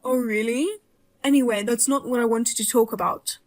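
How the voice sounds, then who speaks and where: A woman's voice: a little high, steady tone, moderate pace, a little mellow, natural voice. A woman voicing a blunt, outraged mother-in-law who jokes darkly and talks sharply. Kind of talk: dramatized story voice-over.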